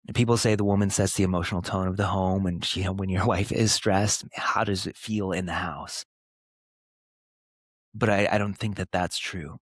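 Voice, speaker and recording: A man in his thirties hosting a podcast, speaking earnestly and emphatically in short, punchy phrases with pauses. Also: low voice, steady tone, dry recording, studio quality. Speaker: podcast host. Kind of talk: motivational podcast monologue.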